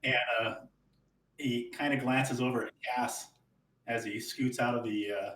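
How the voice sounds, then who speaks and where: A bright-voiced man narrates his character's actions at a tabletop game. He sounds far from the mic in a roomy space, with faint noise behind. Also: medium pitch, fairly even intonation, measured pace. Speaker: player. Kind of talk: tabletop role-play.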